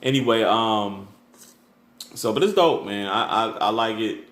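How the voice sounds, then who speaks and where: Low-voiced man reviewing an album in an echoey room. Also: lively intonation, a little slow, fairly bright tone. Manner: loose and conversational, many fillers and restarts. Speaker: music reviewer, channel host. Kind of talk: casual track-by-track album review. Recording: echoey room with faint background noise.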